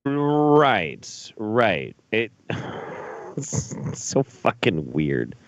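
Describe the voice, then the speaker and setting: A man with a low voice hosts a casual talk show, reacting to clips in a blunt, swearing, incredulous way. His pitch swings widely as he talks, and the sound is dull and dry. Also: very animated, normal speed, no echo. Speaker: host.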